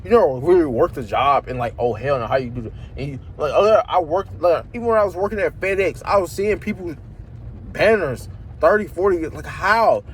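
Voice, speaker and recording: A young man rants in a vlog about his job, rambling, heavy on slang and full of swearing. His voice sits high and expressive, moving at a normal speed.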